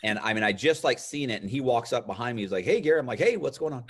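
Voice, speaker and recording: A man's voice: medium pitch, fast talker, breathy edge. A man in his fifties, a guest telling a long story in casual conversation and acting out the other people's lines. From United States. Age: 50s. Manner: animated storyteller, acts out quoted voices. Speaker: interview guest.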